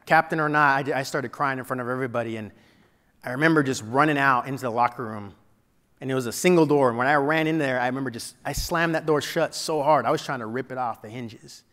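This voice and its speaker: A man giving a keynote speech, telling a personal story dramatically and dropping to a hush at painful moments. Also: medium pitch, quick pace. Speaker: keynote speaker. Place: large event hall before an audience. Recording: long hall reverb.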